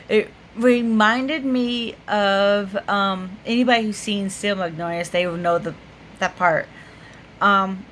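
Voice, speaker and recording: A woman's voice: mid-range voice, slight background noise. Chatty woman telling a story, laughing. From United States. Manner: animated, laughing often, with many fillers. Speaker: vlogger. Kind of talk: casual storytelling.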